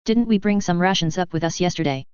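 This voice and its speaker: A woman voicing a dry-humored young male survivor in a story reading, low and smooth, on dull lo-fi audio. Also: quick pace, dry recording, lightly acted. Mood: wry. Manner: flat, wry, joking.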